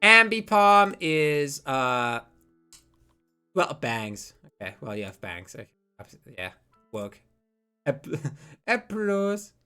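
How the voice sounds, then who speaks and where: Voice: mid-range voice, very animated, takes it slowly, long pauses, sharp tone, clear, resonant tone, soft background music. A streamer chatting casually and rambling on a live stream, swearing freely and often cutting off their own sentences. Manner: rambling, profane, self-interrupting.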